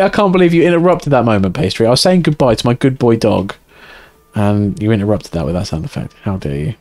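A man's voice: mid-range voice, sing-song, fast talker, a little mellow, no echo. Male game streamer, casual crude banter, reads chat aloud.

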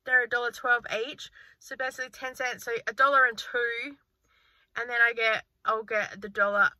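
Woman, forties, casual chatty vlog, rambling and upbeat, very bright voice, recorded in a car on a phone. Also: on the high side, little pitch movement, normal speed, no room sound. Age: 40s. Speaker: frugal-living vlogger. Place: inside a car. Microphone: handheld phone.

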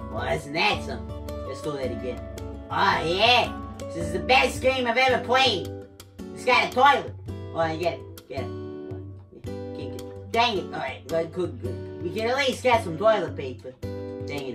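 A gamer doing excitable, joking let's play commentary, talking to themself while playing and screaming now and then. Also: medium pitch. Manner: excitable, jokey, talks to himself while playing.

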